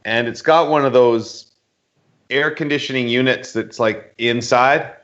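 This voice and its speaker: A man's voice: mid-range voice, measured pace, a bit bright, muffled recording. A man co-hosting a casual podcast, telling stories about himself and laughing often. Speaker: podcast co-host.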